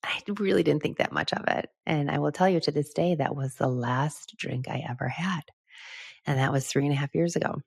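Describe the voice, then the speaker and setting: A woman's voice: low voice, brisk, vocal fry, slightly rough, no room sound, clean studio sound. A middle-aged woman hosting a podcast, telling a candid, reflective personal story and laughing now and then. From United States. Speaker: podcast host.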